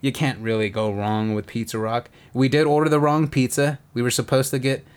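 A man co-hosts a casual podcast and tells road-trip stories in a relaxed, chatty way. He swears often and jumps into quick impressions of the people he met. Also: medium pitch, clear, resonant tone. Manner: profane, animated, acts out quotes. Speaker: podcast co-host. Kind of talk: casual storytelling chat.

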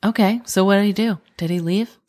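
A woman's voice: mid-range voice, a little mellow. A woman listening to a story and chiming in with wry comments and questions. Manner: quick wry reactions and questions. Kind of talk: casual chat.

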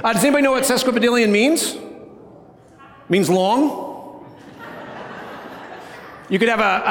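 Male pastor, sermon, playful conversational delivery, high voice, echoing church hall. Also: expressive, measured pace, long pauses, fairly bright tone. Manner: playful, conversational, often asks "right?".

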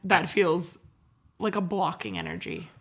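A woman's voice: on the low side, very animated, a little slow, breathy edge. A woman co-hosting a podcast in casual banter, chatty and thoughtful, laughing easily. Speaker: podcast co-host.

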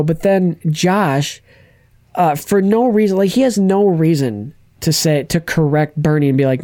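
A man's voice: on the high side, a little slow, darkish tone. Man rambling through a movie recap. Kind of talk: casual movie discussion.

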